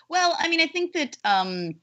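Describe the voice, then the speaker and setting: A woman voice actress chatting as an interview guest, animated, with lots of fillers and restarts. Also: high voice, slow, muffled recording. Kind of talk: casual interview chat.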